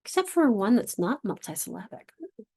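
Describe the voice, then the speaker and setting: A woman literacy instructor leading an online workshop for teachers, encouraging and sounding out syllables slowly. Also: fairly high pitch, big pitch swings, dark tone, slightly rough.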